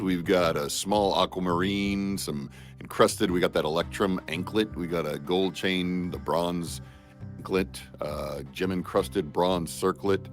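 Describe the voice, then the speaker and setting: Low male voice, formal role-play player, courtly phrasing. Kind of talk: in-character tabletop role-play.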